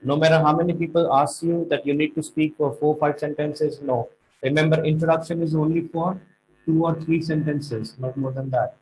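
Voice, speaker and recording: A man teaching speaking exam tips, stressing key words and slowing down to make points. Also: on the high side, steady tone, darkish tone, a little hiss or hum, poor audio. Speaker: IELTS tutor.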